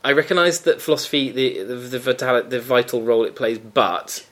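A man's voice: mid-range voice, fairly even intonation, a little fast, a bit bright. A man hosting a casual podcast chat, reading listener questions in a playful, teasing, easily amused way.

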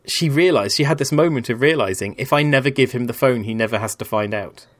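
A man's voice: mid-range voice, fast talker. A man in his thirties, a rambling and candid storyteller in casual conversation on a podcast.

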